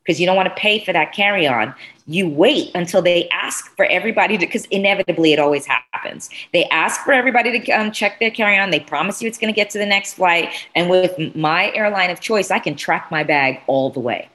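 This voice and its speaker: A woman chats casually and tells an animated story, voicing the people in it as she goes. Her voice sits on the low side. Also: a little fast. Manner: animated, swearing, acts out dialogue.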